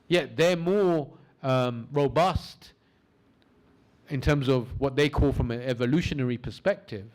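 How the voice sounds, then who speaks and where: Man teaching a class with interactive questions. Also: medium pitch. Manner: lively teaching, asks the audience questions; slows down for emphasis in guided imagery. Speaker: course instructor.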